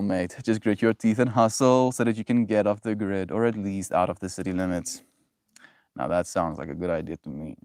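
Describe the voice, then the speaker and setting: A man's voice: dry recording, clean studio sound. A man hosting a daily livestream, chatting casually and reading out viewer comments. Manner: animated, swings into higher voices when acting out reactions. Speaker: livestream host.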